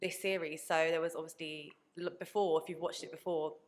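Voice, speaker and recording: Speaking low and fairly quick, a woman in her twenties tells stories as a guest on a casual podcast chat. She's animated, acting out the words of the people she quotes.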